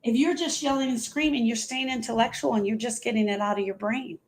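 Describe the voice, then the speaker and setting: A woman's voice: fairly high pitch, brisk, background noise. A woman talking earnestly as a grief coach on a live stream, repeating phrases for emphasis.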